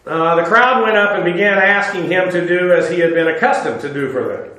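A man's voice: high voice, fairly quick, sharp tone. A man preaching a conversational Bible-teaching sermon, informal, with filler "uh"s and dry sarcastic asides. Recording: very echoey room.

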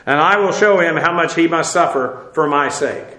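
Man, bible study teacher, fairly high voice, spells greek words, echoey room. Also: moderate pace, sharp tone. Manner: spells out Greek words letter by letter, frequent uh fillers. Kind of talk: verse-by-verse Bible study lesson.

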